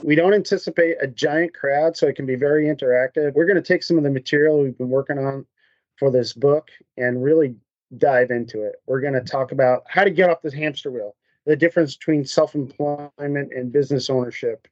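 A man guest on a business podcast, telling stories in an animated, conversational way and acting out what people said. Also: medium pitch, a little fast, no echo, dull audio. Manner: animated storyteller, acts out quotes. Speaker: podcast guest, MSP consultant. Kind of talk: conversational interview storytelling.

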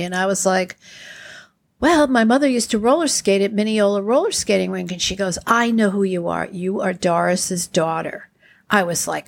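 A podcast host in her sixties, originally from Long Island, New York, speaks in a creaky, medium-pitched voice. Her casual storytelling is chatty and animated, with the quotes acted out.

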